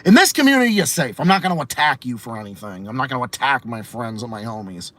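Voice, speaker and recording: Profane ranting man, lively voice. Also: mid-range voice, fast talker, no echo. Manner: profane, rambling, repeats himself, laughs often. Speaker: podcast host and streamer. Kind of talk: casual ranting livestream talk.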